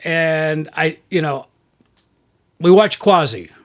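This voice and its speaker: A man's voice: a little high, slow. Laughing man. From US Southeast. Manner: laughs often, jokey, trails off mid-sentence. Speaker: podcast co-host. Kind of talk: casual movie-review chat.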